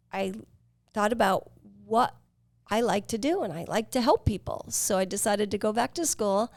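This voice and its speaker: A woman in her fifties, hosting a podcast, telling her life story in an earnest, reflective way with pauses and fillers. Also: medium pitch, darkish tone, no echo, studio quality. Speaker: podcast host. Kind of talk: personal storytelling.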